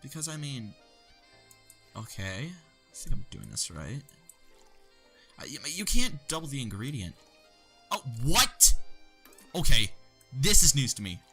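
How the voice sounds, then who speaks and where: A man doing gameplay commentary for his let's play videos, with jokey asides and loud exclamations. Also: medium pitch, very animated, measured pace, long pauses, breathy edge, soft background music.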